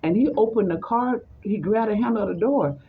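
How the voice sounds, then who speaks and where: Woman storyteller, gravelly voice, acts out the voices she quotes, dull lo-fi recording with faint hiss. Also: medium pitch, brisk. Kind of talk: personal story told in conversation.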